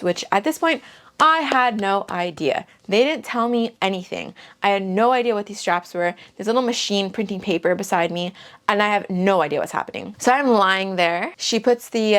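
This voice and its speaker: A young woman recounts a personal story straight to camera at a middle pitch. Her talk is casual and chatty, full of "like" and small restarts as she goes. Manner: chatty, peppered with "like". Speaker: vlogger.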